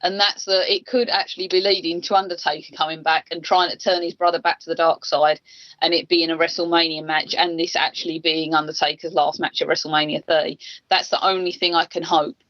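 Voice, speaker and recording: A woman's voice: low voice, flat delivery, fairly quick, fairly bright tone. A British woman co-hosting a wrestling radio show, ranting in frustration and swearing freely. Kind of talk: casual podcast chat. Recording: dull lo-fi podcast audio.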